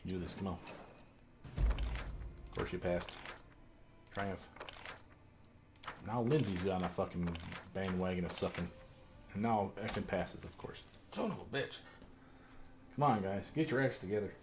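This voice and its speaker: A man's voice: deep voice, measured pace, pauses often, background noise. A man doing gameplay commentary, exasperated and swearing as he pleads with game characters. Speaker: let's play host.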